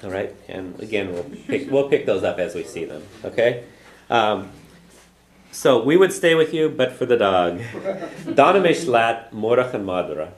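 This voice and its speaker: A man's voice: lowish voice, sing-song, a little slow. Patient man teaching a language class. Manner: patient, checks in often with "okay?"; models phrases for students to repeat. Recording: echoey room with class chatter.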